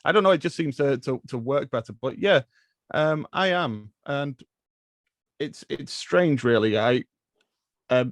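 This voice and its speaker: A man's voice: mid-range voice, expressive, measured pace, pauses often, no echo. A man with an English accent, a podcast guest chatting casually about films, hesitant with fillers and restarts. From England. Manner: hesitant, many fillers and restarts, laughs often. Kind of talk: casual chat.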